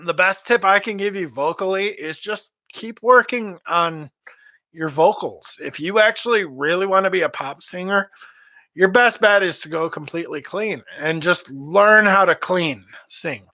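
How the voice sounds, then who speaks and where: A man's voice: sits high, unhurried, sharp tone, no echo. A man, a metal vocalist, giving rambling casual advice on singing, repeating himself as he goes. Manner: rambling, repeats words, demonstrates screams and growls.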